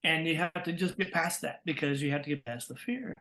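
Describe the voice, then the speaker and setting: An older man from Texas, a voice actor telling lively stories in an interview, acting out quotes and laughing often. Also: a little high, brisk. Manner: animated, acts out quotes with laughs. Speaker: guest, voice actor and coach. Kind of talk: storytelling interview.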